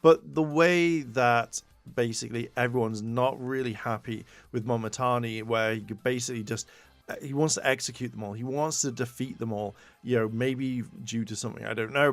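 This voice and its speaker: A man of ordinary pitch recaps an episode in a loose, rambling way, piling on fillers and slipping into quick impressions of the characters. His voice sits close and dry, with no room sound around it. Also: dry recording. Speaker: podcast co-host reviewing a tokusatsu episode. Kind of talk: casual recap.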